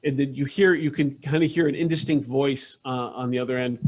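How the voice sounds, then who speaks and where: A man's voice: medium pitch, steady tone, fairly quick, hardly any pauses, darkish tone. A man narrating a tabletop game as game master, hesitant and full of restarts. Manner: hesitant, many fillers and restarts.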